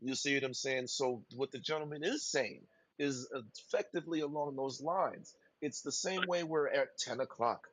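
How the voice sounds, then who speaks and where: A man's voice: medium pitch, moderate pace, fairly bright tone, no room sound, low-quality recording. A man co-hosting a podcast in casual talk, rambling and acting out little quoted voices as he goes. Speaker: podcast co-host.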